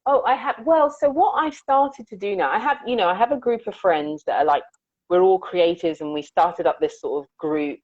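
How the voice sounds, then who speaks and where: Speaking at a normal speed in a mid-range, slightly mellow voice, a woman musician tells stories during an interview, earnest and reflective about her work and acting out the lines she quotes. The lo-fi audio is dull and dry, with no echo.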